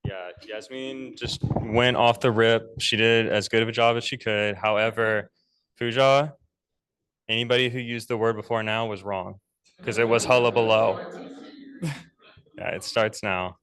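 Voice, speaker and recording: A man acting as toastmaster at a club meeting, relaxed and joking. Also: fairly low pitch, a little slow.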